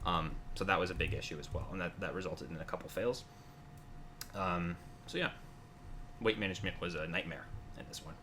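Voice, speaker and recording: Guest builder, male, very low but bright voice, rambling casual talk with lots of fillers, faint background noise. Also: brisk, long pauses. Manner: rambling, many fillers and restarts. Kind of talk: casual conversation.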